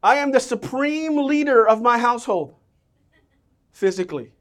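A middle-aged man preaching a sermon as a pastor, a self-mocking storyteller who swings between loud outbursts and soft, low lines. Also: lively intonation, moderate pace.

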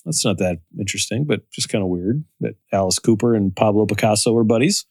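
A man co-hosting a podcast in casual chat, reading out trivia in a halting, restarting way. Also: fairly low pitch, a little mellow, breathy edge, dry recording. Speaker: podcast co-host.

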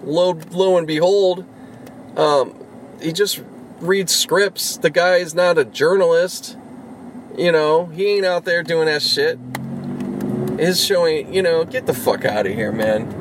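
A man with a slightly higher voice rants in a loose, profane, rambling way, starting over and trailing off mid-thought. Clear traffic and street noise sit behind him. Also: slow, rough recording. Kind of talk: casual rant.

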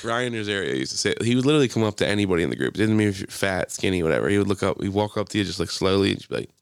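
Low-pitched and creaky, this man talks rapid-fire over clean, echo-free, studio-quality audio in an indoor room. He co-hosts a casual chat podcast, animatedly telling stories full of swearing and acted-out quotes.

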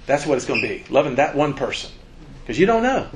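Talking fast in a medium-pitched voice, a man addresses students as a campus minister in a loose, humorous way. He gets animated, cracking jokes and performing the quotes he brings up.

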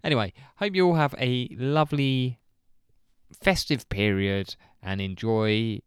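Rambling podcast host man, smooth voice. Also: mid-range voice, a little slow, dry recording, studio quality. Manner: rambling, laughs often, many fillers. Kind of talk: casual chat.

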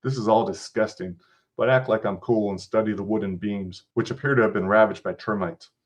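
A man's voice: on the low side, fairly quick. A man hosting a podcast, reading an interactive story aloud with casual, profane asides. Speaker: podcast host.

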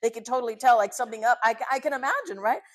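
A woman's voice: on the high side, racing. Emphatic woman teaching a Bible study. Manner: emphatic, fires rhetorical questions and answers them; chatty and encouraging, with fillers and restarts.

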